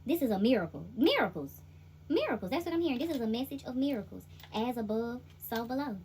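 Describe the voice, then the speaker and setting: A woman's voice: a little high, sing-song, fast talker, a little mellow, slight background noise. A woman with a Southern US accent giving a chatty, laughing, slangy tarot reading. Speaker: intuitive tarot reader.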